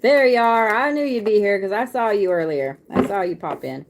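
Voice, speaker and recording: A woman's voice: medium pitch, very animated, fairly quick, noisy background. A woman, chatting casually on a live stream as a card reader, laughing often and swearing freely.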